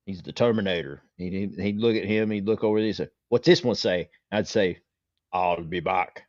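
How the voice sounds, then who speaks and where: A man co-hosting a horror podcast, telling stories in relaxed casual chat. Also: fairly low pitch, brisk, no room sound, lo-fi sound. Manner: relaxed storyteller, chuckling. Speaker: podcast co-host.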